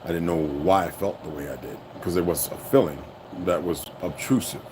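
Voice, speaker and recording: A man's voice: low voice, normal speed, noisy background. A man hosting a livestream, ranting bluntly and with heavy profanity to his viewers. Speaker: livestream host. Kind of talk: unscripted livestream rant.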